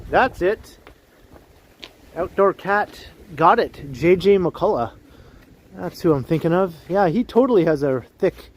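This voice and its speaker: A man from Canada hosting a casual livestream while walking a snowy street, greeting chat viewers by name and laughing often. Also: a little high. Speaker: livestream host. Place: snowy city street outdoors at evening.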